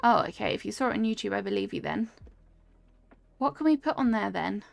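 A woman's voice: medium pitch, expressive, a little fast, gravelly, dry recording. A young woman streaming a cozy game, chatting casually and reacting aloud to what happens on screen while answering her chat.

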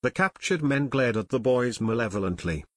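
Dry, mid-pitched male audiobook narrator. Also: lively intonation, moderate pace, no echo. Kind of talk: scripted narration.

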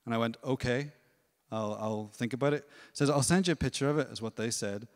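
A man giving a testimony at a church service, telling his story in a lively way and acting out other people's voices. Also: mid-range voice, fairly quick, in a large hall. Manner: storytelling, animated, acts out voices. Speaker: worship leader. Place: church hall.

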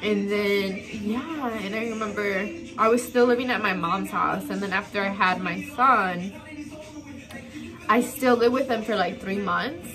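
A young woman tells a personal storytime while getting ready on camera, rambling through fillers and halting restarts. Her voice sits at a middle pitch, with emotion close to the surface. Music plays underneath. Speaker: beauty vlogger. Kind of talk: storytime while doing makeup. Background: background music.

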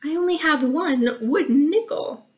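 High fretful mother bear, as a woman reads her. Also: measured pace, a little mellow, far from the mic. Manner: flustered, stammering.

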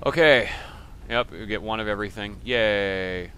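A man's voice: lowish voice, measured pace, pushed and bright, a little hiss or hum. A man narrating a let's play, casually and sardonically, cursing and grumbling at the game's characters. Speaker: gaming commentator.

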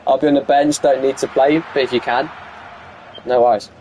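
A young man with a mid-range voice live-streams a football video game, bantering with teammates over voice chat and shouting at the plays. He talks slowly with frequent pauses, and there's slight background noise.

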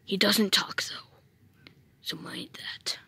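A woman voicing a calm, scheming masked male knight villain in a low, hushed whisper, a whispered role-play. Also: takes it slowly.

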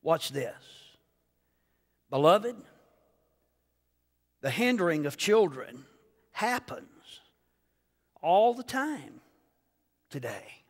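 A man preaching a sermon as pastor, animated, rising to shouts and firing rhetorical questions at the congregation. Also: on the high side, very slow, pauses often. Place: church sanctuary. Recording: long reverb of a church hall.

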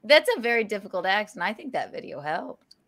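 A woman's voice: mid-range voice, big pitch swings, brisk, fairly bright tone, studio quality. Woman goofing around on a podcast, bouncy voice, repeats everyone. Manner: playful, echoes others' lines. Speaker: podcast guest. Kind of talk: casual group chat.

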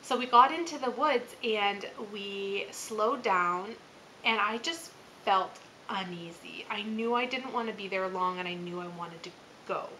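A woman's voice: mid-range voice, a little slow, sharp tone, slight background noise, rough recording. A woman in her thirties hosting her channel, telling a spooky personal story in a casual, chatty way, full of fillers and little laughs. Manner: chatty, filler-heavy, laughs as she talks. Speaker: channel host.

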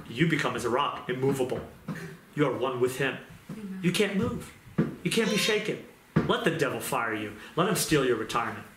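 A man preaching a testimony sermon, telling his story earnestly and repeating his points for emphasis. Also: mid-range voice. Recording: echoey room with loud noise.

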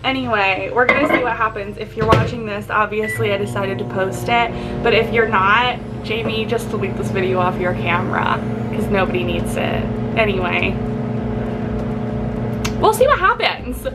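A woman's voice: mid-range voice, expressive, moderate pace, rough recording. A young woman chatting casually to her camera at home, rambling with lots of fillers. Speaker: vlogger. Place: apartment, indoors.

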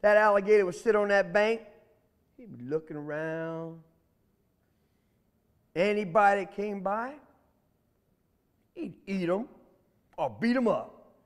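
A man's voice: high voice, a little slow, pauses often, long reverb tail. A man, telling a children's story in a playful, chatty way and asking the children questions.

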